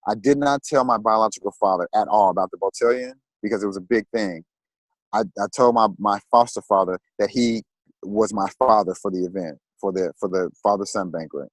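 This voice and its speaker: A man, a guest on a talk show, telling a personal story in a halting way and repeating words when moved. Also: lowish voice, dry recording, low-quality recording.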